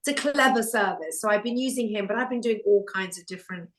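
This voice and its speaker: A middle-aged woman from England, a guest in a casual chat, telling stories with animated quoted voices. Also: mid-range voice, quick pace. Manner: animated storytelling, acts out quotes. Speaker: podcast guest, broadcaster.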